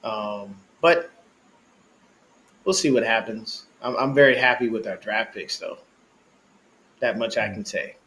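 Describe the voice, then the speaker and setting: Animated man on a fan podcast. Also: lowish voice, a little slow, long pauses. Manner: animated, laughing, slangy fan talk. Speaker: podcast co-host. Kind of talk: casual sports podcast chat.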